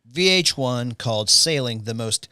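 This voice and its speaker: A man co-hosting a podcast in a relaxed, casual way, sharing trivia and jokes. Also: medium pitch, unhurried, clear, resonant tone, no room sound, clean studio sound. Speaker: podcast co-host.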